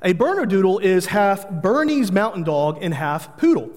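A man's voice: sits high, very animated, normal speed, darkish tone, big-room sound. A man, preaching a sermon in an earnest manner, telling family stories with humor. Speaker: pastor.

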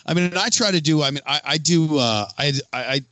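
A man's voice: a little high, animated, brisk, pushed and bright, dry recording. A man hosting a casual conversation, rambling with restarts and sarcastic asides. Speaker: podcast host. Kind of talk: casual chat.

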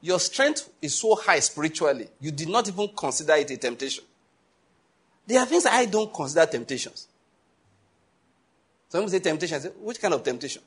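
Pastor preaching, husky kinda high voice, acts out the back and forth in his stories. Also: big pitch swings, brisk, pauses often. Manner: storytelling preacher, acting out dialogue, laughing at his own stories. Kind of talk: sermon.

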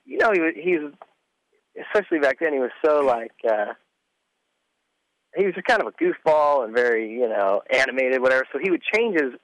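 A man who is a podcast guest, telling stories in a rambling, animated way. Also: medium pitch, fairly quick, dry recording, muffled recording. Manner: animated, rambling, laughs at himself. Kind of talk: casual storytelling.

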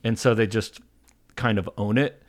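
A man with a fairly low voice talks casually as a podcast guest. He rambles and keeps restarting his sentences. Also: steady tone. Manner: rambling, halting, many restarts.

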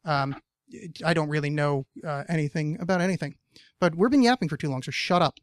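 A man's voice: fairly high pitch, lively intonation, a little fast, no room sound. A man hosting a casual podcast chat, rambling with many fillers, jokes and swearing. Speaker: podcast host.

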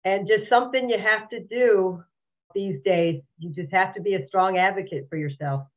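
A woman's voice: medium pitch, normal speed. A woman guest on a podcast, frankly and earnestly telling her own story, often repeating words as she goes. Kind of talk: candid personal interview. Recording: tinny phone-like remote line.

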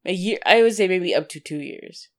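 A woman with a low voice co-hosts a casual film chat. She talks in a relaxed way and chimes in with short remarks. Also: a little fast. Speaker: podcast co-host.

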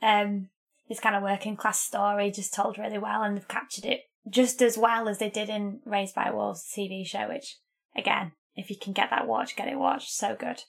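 A woman's voice: mid-range voice, fairly even intonation, normal speed, creaky. A woman from the UK co-hosting a podcast, chatting casually and enthusiastically, and stumbling over repeated words. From United Kingdom. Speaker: podcast co-host.

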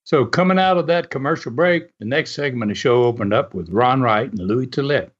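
A man's voice: mid-range voice, fairly quick. Guy chuckling his way through old wrestling tales, lots of uh and you know, muffled sound. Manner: rambling, many fillers and chuckles. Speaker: wrestling history storyteller. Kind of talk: casual storytelling. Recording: dull lo-fi sound.

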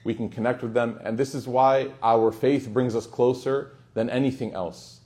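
A man's voice: mid-range voice, fairly even intonation, moderate pace. A man speaking as an imam and teacher at a community gathering, in a casual, joking lesson style sprinkled with Arabic phrases. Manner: warm, joking, peppers speech with Arabic phrases.

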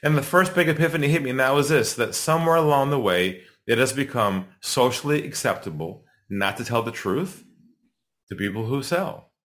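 A middle-aged man tells a sales story as a podcast guest, acting out each voice in the room. His pitch sits in the middle and swings widely, and he speeds up and slows down to build suspense. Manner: animated storyteller, acts out quotes, builds suspense.

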